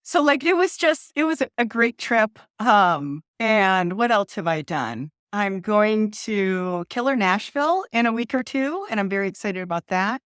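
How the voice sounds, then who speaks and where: A woman's voice: mid-range voice, animated, unhurried, few pauses, smooth, no room sound. Woman author from Ohio, bubbly guest, laughs easily, dry close sound. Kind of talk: casual interview chat.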